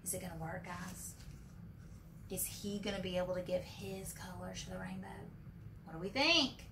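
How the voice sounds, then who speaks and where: A woman preschool teacher reading a picture book aloud to young children, animated for the character lines and asking the kids questions. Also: fairly low pitch, moderate pace, creaky. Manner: asks children questions and calls them friends. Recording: distant from the mic with faint background noise.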